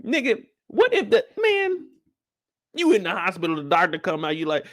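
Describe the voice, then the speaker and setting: A young man, hosting a casual live show recap and acting out the characters as he talks. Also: high voice. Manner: animated storytelling, acts out characters in quick voice switches.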